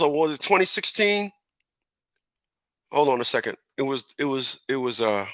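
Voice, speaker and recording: A man hosting a casual radio talk show, animated and rambling, correcting himself and chuckling as he goes. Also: on the high side, no echo.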